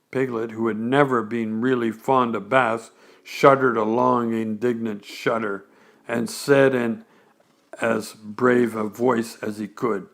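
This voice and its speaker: A man reading a bedtime story aloud, unhurried and gentle. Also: mid-range voice, flat delivery.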